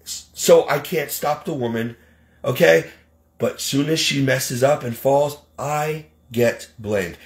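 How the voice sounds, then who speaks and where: A man's voice: mid-range voice, lively intonation, a little slow. A man venting as a caregiver in an indignant, exasperated monologue. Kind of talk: ranting monologue.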